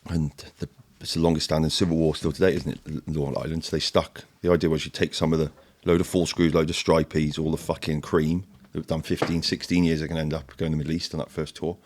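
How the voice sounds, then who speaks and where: Brit ex-marine guest, low voice, talks fast and swears a lot. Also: male voice. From United Kingdom. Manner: fast, sweary, animated storytelling in military slang. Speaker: podcast guest, former Royal Marine. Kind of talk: casual podcast chat.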